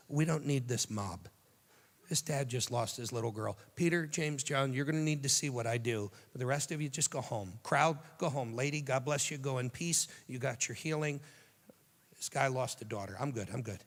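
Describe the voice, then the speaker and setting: A man giving a youth sermon, telling the story dramatically and dropping to a hushed, tender voice for quoted lines. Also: mid-range voice, normal speed, long reverb tail. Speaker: youth speaker.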